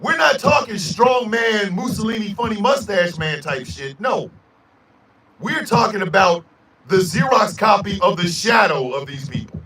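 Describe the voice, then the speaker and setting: A man hosting a radio show, delivering a loud, profane, emphatic rant. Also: sits high, expressive, measured pace, a little hiss or hum. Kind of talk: angry ranting monologue. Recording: echoey room, mic at a distance.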